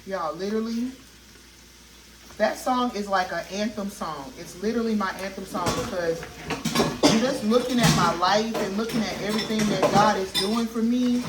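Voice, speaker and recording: A woman's voice: medium pitch, moderate pace, very noisy. A woman in her thirties talks to her viewers while she cooks, speaking in a heartfelt, testifying way and calling them y'all. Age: 30s. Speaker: vlogger. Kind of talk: casual talk while cooking. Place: home kitchen. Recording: echoey kitchen, mic at a distance, cooking sizzle. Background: frying and sizzling food.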